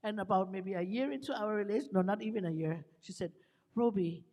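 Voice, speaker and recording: A middle-aged woman from Hawaii spins a story at a live music event, chatty and quick to laugh. Her voice sits at an ordinary pitch for a woman. A long reverb trails behind it, as in a live venue. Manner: chatty, laughing, lively quoted asides. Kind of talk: casual storytelling to a live audience.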